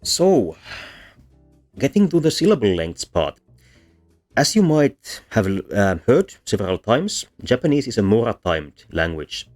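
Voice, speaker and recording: A man's voice: fairly low pitch, sing-song, a little slow. A man presenting a linguistics lecture from slides, explaining step by step with frequent ums and self-corrections. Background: soft bossa music.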